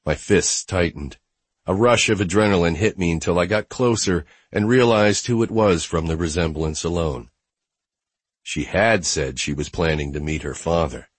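Male narrator for a first-person romance audiobook: very low, husky voice, wry and low-key, dry close recording. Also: normal speed, dry recording.

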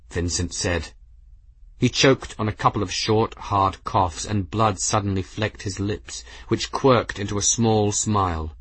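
A man narrating a dramatic story in a steady audiobook style. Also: fairly low pitch, a little slow, breathy edge, no echo, rough recording.

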